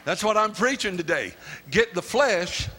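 A man preaching a fervent sermon, often repeating his words and building to shouts. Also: high voice, expressive, unhurried, big-room sound, noisy background. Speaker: pastor. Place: church sanctuary.

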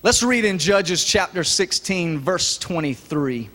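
A man preaching a sermon in a church, lively and folksy, joking with the congregation. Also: sits high, takes it slowly. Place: church sanctuary. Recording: echoey church hall.

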